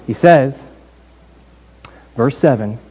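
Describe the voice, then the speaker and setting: A man preaching a sermon as pastor in a relaxed, conversational way, telling the story with lively asides. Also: medium pitch, takes it slowly, slightly rough, low-quality recording. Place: church building.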